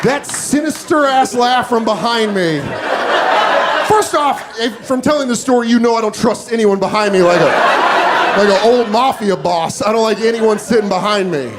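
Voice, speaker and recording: A man doing stand-up storytelling, animated, profane and self-mocking, in a comedy club. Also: high-pitched, normal speed, very noisy.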